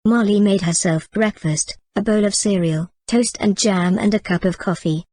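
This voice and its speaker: A woman reading a novel aloud as audiobook narrator, in a steady, clear reading manner. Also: medium pitch, moderate pace. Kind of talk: scripted storybook narration.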